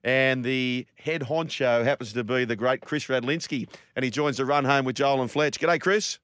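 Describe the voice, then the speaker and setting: A man's voice: medium pitch, moderate pace, fairly bright tone, clean tone. A man hosting a sports radio show, giving punchy announcer-style intros and asking questions. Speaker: radio co-host.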